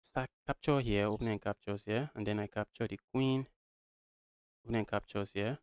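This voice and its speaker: A man's voice: lowish voice, steady tone, moderate pace, clean tone, dry recording. Man from Nigeria muttering chess lines. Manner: thinks aloud, muttering lines of play, often addresses viewers as guys. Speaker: chess streamer. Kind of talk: live-streamed chess commentary.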